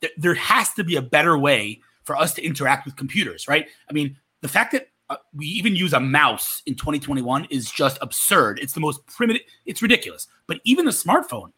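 A man from Israel talking as an interview guest, telling stories in a rapid, animated way. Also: on the high side, husky. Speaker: guest entrepreneur. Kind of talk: casual interview talk.

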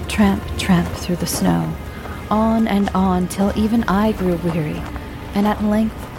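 A woman narrating a classic ghost story in a measured, dark way, dropping into whispers for suspense. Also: medium pitch, gravelly.

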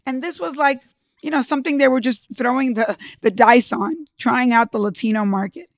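With a high-sitting voice at a moderate pace, a woman earnestly and emphatically recounts her own business story, speaking conversationally and quoting her inner thoughts. The studio-quality recording has no echo.

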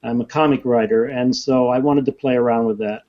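A man, an author, telling stories in a lively, chatty way during a podcast interview. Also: medium pitch, brisk, lo-fi sound.

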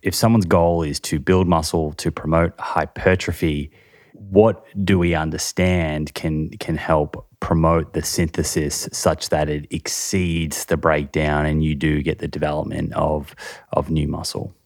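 Male host with an extremely low voice, steady questioning, dry sound. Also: a little slow, no room sound. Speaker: interviewer host. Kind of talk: interview questions.

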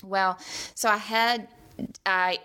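A woman's voice: mid-range voice, fairly even intonation, takes it slowly, bright, forceful tone, smooth. A woman telling a personal story in a chatty way, acting out what people said. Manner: chatty, acts out quoted voices.

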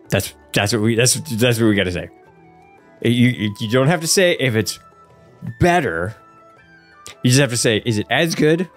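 Male podcast co-host, animated and excitable, laughs a lot, mid-pitched voice. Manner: excitable, laughs often, geeky enthusiasm. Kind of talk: casual chat.

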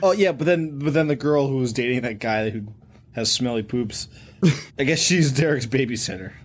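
A man co-hosting a podcast in casual chat, telling movie scenes in an animated way and laughing through his lines. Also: medium pitch, moderate pace, slightly rough. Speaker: podcast co-host.

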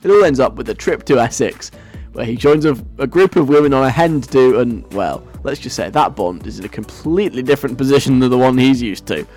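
Casting a joking, chatty man as a radio host, mid-pitched, faint music underneath. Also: lively intonation, a little fast, hardly any pauses, a little mellow. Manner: playful, rambling, chuckling. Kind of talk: casual radio chat.

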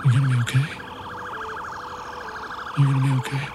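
A man's voice: medium pitch, level tone, a little fast, very noisy, natural voice. An actor playing a haunted male rescue volunteer, telling his story in an intense, emotionally raw first-person monologue. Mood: shaken. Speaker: narrator.

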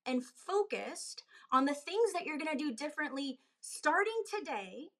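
A woman's voice: big pitch swings, normal speed, hardly any pauses. A woman fitness coach giving an emphatic motivational talk on a live stream, building to urgent, pressing delivery. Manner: emphatic, rising to pitched urgency. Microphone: phone on a live video.

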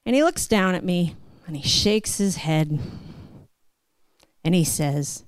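Woman storyteller at a live show, measured and vivid, crisp voice. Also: fairly low pitch, dry recording. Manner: slow, deliberate, vivid.

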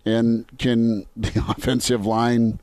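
A man's voice: medium pitch, little pitch movement, slow, a little mellow, dry recording. A man hosting a sports talk show from a studio, easygoing and prone to chuckling. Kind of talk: casual sports radio banter. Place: radio studio.

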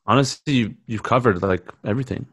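A young adult man guesting on a podcast as a comedian, talking in a laid-back, halting way with lots of fillers. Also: mid-range voice, fairly bright tone, a little hiss or hum. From Canada. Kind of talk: casual chat.

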